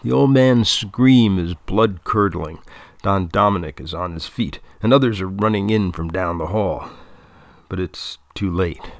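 A man reading a story aloud as narrator in a measured, deadpan manner. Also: deep voice, a little hiss or hum.

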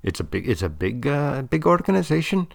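Rambly guy going on and on, gravelly voice, repeats himself a lot. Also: mid-range voice, very animated, brisk. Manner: rambling, repetitive, full of restarts. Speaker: debate coach. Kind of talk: rambling comic monologue.

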